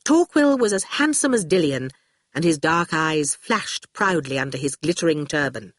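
An audiobook narrator reads scripted narration expressively, letting the voice drop for speech tags. The intonation is animated, rising and falling widely. The sound is close and dry. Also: mid-range voice, moderate pace, dry recording.

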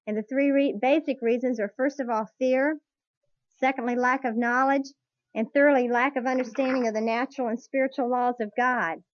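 A woman teaching a Bible class to a live group, earnest and slow on key points, putting questions to her listeners, on a dull lo-fi tape recording. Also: a little high, dry recording. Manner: earnest, drawn-out emphasis, asks the audience questions.

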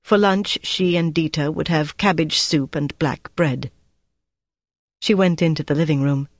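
An audiobook narrator reading a novel in an even, measured storytelling manner. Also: mid-range voice, no echo. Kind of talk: scripted narration.

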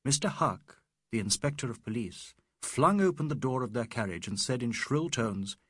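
A man reading a novel aloud as narrator, expressive and measured. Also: medium pitch, slightly rough, no echo, studio quality. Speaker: audiobook narrator. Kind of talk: scripted narration.

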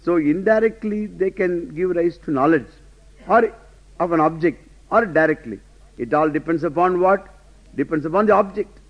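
A high-pitched man teaches in a lecture, stressing points and throwing questions at his listeners. The sound is muffled and lo-fi, like an old class recording. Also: moderate pace. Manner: rhetorical questions, emphatic, laughing asides. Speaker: Vedanta teacher.

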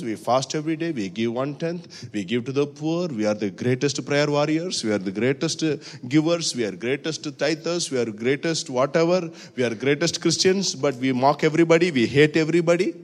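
Man, preacher, impassioned sermon, somewhat high voice, long church-hall reverb. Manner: impassioned preaching, swinging from hushed to loud and high.

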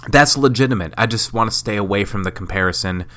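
A man's voice: on the low side, fast, a bit bright. A sick man hosting a solo podcast, rambling in a profane, self-mocking way. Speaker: podcast host. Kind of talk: casual solo podcast monologue.

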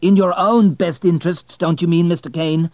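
A man's voice: mid-range voice, very animated, brisk, no echo, dull audio, voice pushed up, natural voice. A man reading an audiobook, voicing a proud, angry male hotelier with a heated, raised delivery.

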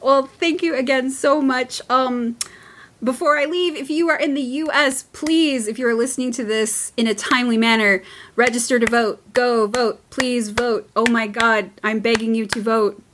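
A woman's voice: fairly high pitch, steady tone, moderate pace, a bit bright. A woman hosting a podcast in casual chat, laughing often between lines. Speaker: podcast host.

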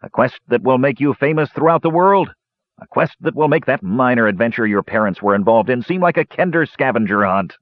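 A man voicing a booming, boastful male dwarf adventurer who makes grand, lusty proclamations. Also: lively intonation, a little fast, no echo, lightly acted. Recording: dull lo-fi recording.

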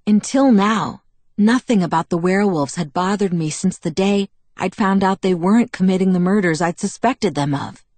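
A woman reading a novel aloud in the first person, with measured, reflective storytelling. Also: mid-range voice, a little mellow, no room sound. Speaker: audiobook narrator.

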